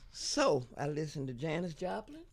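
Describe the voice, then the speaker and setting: A woman in her seventies, a singer being interviewed, telling lively stories, laughing often and breaking into song. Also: deep voice, normal speed, husky. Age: 70s. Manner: animated storyteller, laughs often, sings snatches of songs. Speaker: guest singer. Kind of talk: storytelling interview.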